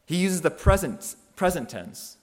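A man preaching a sermon, thoughtful and measured, often restarting phrases and slowing down for emphasis. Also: sits high, very animated.

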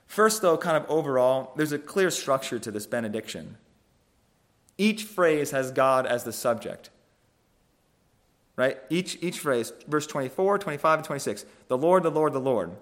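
A man giving a conversational sermon on a scripture passage, thoughtful and halting, often restarting phrases and checking in with "right?". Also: fairly high pitch, animated, fairly bright tone. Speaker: preacher.

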